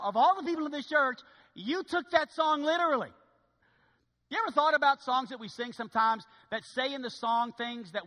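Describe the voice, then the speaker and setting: A man preaching a sermon to his church, animated and swinging from loud calls to hushed asides. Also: very high-pitched, in a large hall. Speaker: pastor. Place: church sanctuary.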